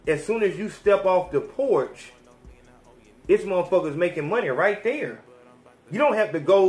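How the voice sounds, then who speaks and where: A man with a fairly high voice hosts a podcast, ranting in an animated, slangy way with heavy swearing. His voice carries a roomy echo, with faint music in the background. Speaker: podcast host. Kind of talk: profane rant.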